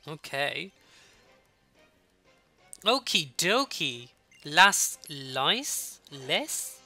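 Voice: mid-range voice, expressive, moderate pace, bright, forceful tone, no room sound, faint music behind. A young adult Let's Play gamer with a Birmingham accent, chatting to viewers during casual gameplay commentary while sniffly with a runny nose.

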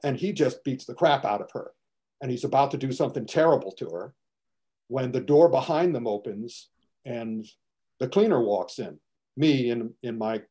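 Older man, mellow voice, casual animated storyteller, acts out scenes. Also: medium pitch. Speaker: martial arts film critic. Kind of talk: casual chat.

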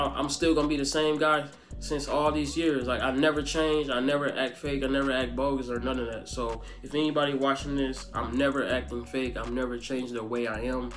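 A man's voice: medium pitch, a bit bright. A young man answering fan questions in a casual, rambling vlog, with lots of fillers. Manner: laid-back, rambling, filler-heavy. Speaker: vlogger. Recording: faint music behind.

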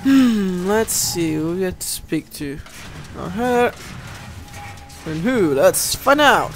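A man giving let's play commentary, animated and easily exasperated, often addressing viewers as guys. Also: sits high, slow, faint music behind. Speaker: gameplay commentator.

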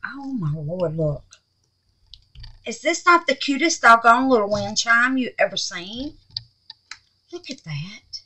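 A woman hosting a casual crafting vlog, chatty and excitable, calling her viewers babies and honey. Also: a little high, slow pace, pauses often, rough recording. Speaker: resin craft channel host.

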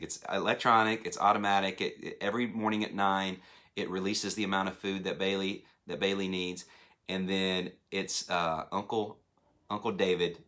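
Animated man preaching a sermon. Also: low-pitched. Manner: animated, acts out phone voices. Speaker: pastor. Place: church hall.

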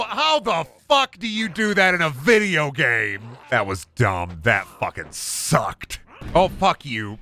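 A man doing casual, profane gaming commentary, breaking into loud angry outbursts and jokey rants. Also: fairly high pitch, sing-song, a little slow. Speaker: gaming streamer.

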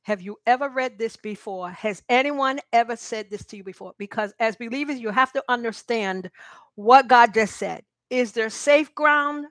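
An earnest woman delivers a Bible sermon, urging her listeners on and reading verses aloud. Her voice sits a little high, and the sound is close and dry with no room around it. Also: moderate pace, fairly bright tone, dry recording. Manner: earnest, exhorting, quotes scripture and speaks to listeners directly. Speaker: Bible teacher.

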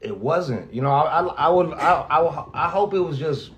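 A man, a radio host, talks candidly and off the cuff, halting and restarting often, with lots of profanity and earnest emotion. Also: fairly high pitch, lively intonation, slight background noise. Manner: halting, rambling, heavy profanity, frequent restarts; earnest, emotional about being grateful. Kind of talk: candid off-the-cuff vlog talk.

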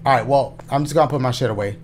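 A man casually commenting on his gameplay, cracking jokes, swearing freely and reacting loudly to scares. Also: medium pitch, rapid-fire, slight background noise. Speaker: gaming YouTuber.

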